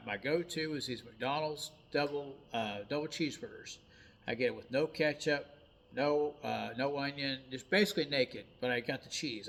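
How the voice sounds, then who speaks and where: Gravelly-voiced man telling a blunt story. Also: mid-range voice, a bit bright. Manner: blunt, folksy, mild cursing. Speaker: truck driver. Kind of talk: casual personal storytelling.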